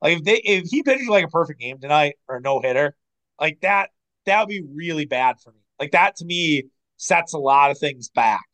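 Midwestern male co-host, animated and opinionated, smooth clear tone, a bit higher pitched. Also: poor audio. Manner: animated, opinionated, quick asides and swearing. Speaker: podcast co-host. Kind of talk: casual sports podcast chat.

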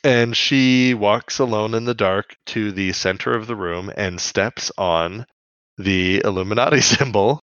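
A man's voice: on the low side, unhurried, fairly bright tone, smooth, no echo, lo-fi sound. A man co-hosting a podcast, casually recapping a cartoon episode in a rambling way with lots of fillers and laughs. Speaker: podcast co-host.

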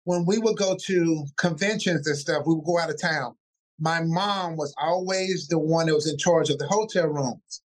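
A male pastor with a notably high voice, talking in a relaxed interview. He tells his stories with animated energy, slipping into the voices of the people he quotes. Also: moderate pace. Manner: animated, acts out family voices mid-story. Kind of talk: casual interview storytelling.

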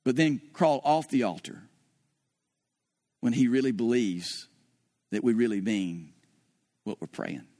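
A man's voice: medium pitch, unhurried, pauses often, dark tone. A man preaching a sermon as pastor, telling a story and acting out his own past dialogue.

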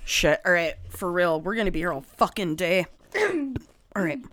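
A woman's voice: fairly low pitch, normal speed, a bit bright. A woman co-hosting a casual chat, swearing freely and fighting off laughing fits while trying to get back on track. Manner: giggly, swears freely, keeps trying to refocus. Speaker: podcast co-host.

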